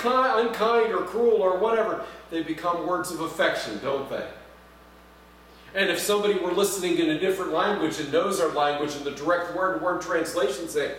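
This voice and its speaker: High-voiced man preaching in echoey church. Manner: conversational, asks the congregation questions, light jokes. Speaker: pastor. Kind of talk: sermon. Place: church sanctuary. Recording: echoey church from far off, faint hum.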